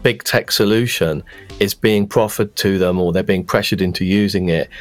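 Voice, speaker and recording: Forthright man with a lowish voice. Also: normal speed. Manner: animated, forthright opinions. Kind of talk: casual discussion.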